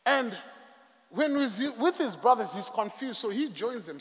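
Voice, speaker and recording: Male preacher, high and very lively voice, slow emphatic sermon, echoey church hall. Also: a crowd in the background. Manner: dramatic, emphatic, drawn-out phrasing.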